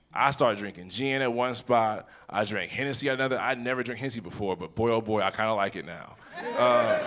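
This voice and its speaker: A man working a stand-up set, his voice sitting at an ordinary middle pitch. He tells a personal story and plays out both sides of the argument himself, tossing quick asides to the audience. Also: fairly bright tone. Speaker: stand-up comedian. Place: stage before a live audience. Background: audience laughter.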